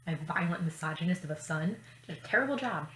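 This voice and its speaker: A woman's voice: fairly low pitch, animated, fast talker, fairly bright tone, echoey room, slight background noise. A woman voicing a frightened, fed-up middle-aged mother who speaks bluntly. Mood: exasperated.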